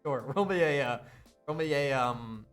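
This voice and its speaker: A man's voice: mid-range voice, animated, moderate pace, fairly bright tone, soft background music. A man narrating as game master in a casual tabletop session, swearing and laughing often.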